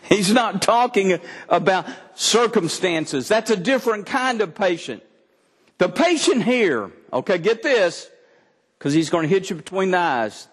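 Slow-speaking preacher, high voice. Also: male voice, animated, slightly rough, big-room sound. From Texas. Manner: reads scripture then explains it with humor. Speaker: pastor. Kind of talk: sermon.

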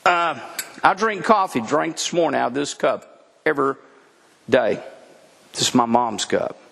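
A man's voice: mid-range voice, unhurried, creaky, slightly rough. A middle-aged man preaching a sermon as pastor, talking in a conversational, folksy way. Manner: conversational, folksy, animated with laughs. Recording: long hall reverb.

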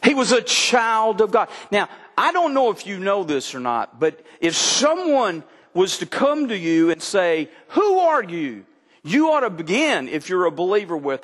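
Animated older preacher in a reverberant hall. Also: male voice, high voice, unhurried. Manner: folksy storytelling preacher, voice rising and dropping for emphasis. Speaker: pastor. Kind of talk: sermon.

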